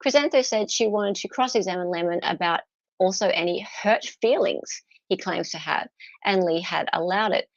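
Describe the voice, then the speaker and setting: A woman's voice: fairly low pitch, moderate pace, no room sound, highs cut off. An Australian woman hosting a casual live stream about a court trial, chatting and laughing with her viewers. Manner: chatty, laughs often, answers chat viewers; mocks posh barristers in put-on voices.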